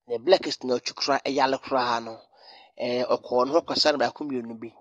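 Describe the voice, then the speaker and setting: A man's voice: mid-range voice, steady tone, quick pace, dry recording, muffled recording. Man presenting news in Twi. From Ghana. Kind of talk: news commentary.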